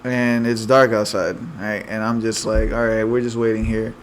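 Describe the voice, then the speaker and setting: A young man on a podcast, telling an animated story with lots of swearing. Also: fairly low pitch, normal speed, a little hiss or hum. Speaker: podcast co-host. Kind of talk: casual chat.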